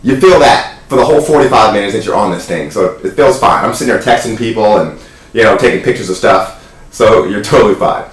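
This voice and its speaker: A man giving an animated, jokey spoken account in a casual vlog. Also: lowish voice, brisk, reverberant, far from the mic, rough recording. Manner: animated, chatty storytelling with jokes. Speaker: wellness vlogger.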